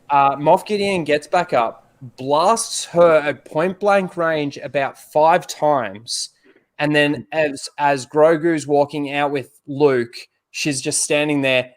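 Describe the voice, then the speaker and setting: A man co-hosting a casual podcast chat, emphatic and complaining, swearing now and then. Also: fairly high pitch. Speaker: podcast co-host.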